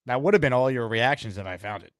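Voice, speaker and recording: A man's voice: mid-range voice, lively intonation, fast talker, no room sound, studio quality. A man hosting a casual sports talk show, laid-back and wry, reading out viewer messages. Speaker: show host.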